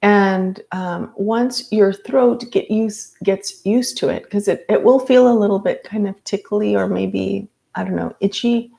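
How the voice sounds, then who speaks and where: A woman's voice: medium pitch, steady tone, measured pace, gravelly, hardly any pauses, mellow. A woman teaching a live yoga class, chatty, with frequent ums and light laughs.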